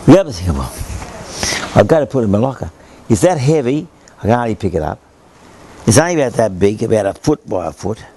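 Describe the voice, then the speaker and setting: A man's voice: lowish voice, big pitch swings, fast, dark tone, slight background noise. An older Australian man, a former sailor, rambles through an oral history story, repeating himself and acting out the voices he quotes.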